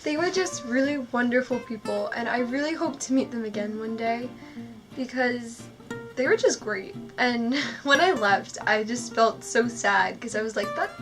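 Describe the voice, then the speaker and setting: A young woman tells a story to her camera, gushing and excitable, her talk full of "like" fillers. Her voice sits a little high. Guitar music plays clearly beneath her. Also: moderate pace. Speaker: vlogger. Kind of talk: storytelling vlog. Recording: music playing under the voice.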